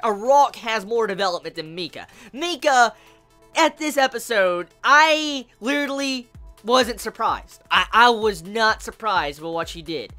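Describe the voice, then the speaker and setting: A woman's voice: fairly high pitch, expressive, measured pace, bright, forceful tone, faint music behind. A woman reviewing an anime episode in a profane, exasperated rant, often stumbling over and repeating her words.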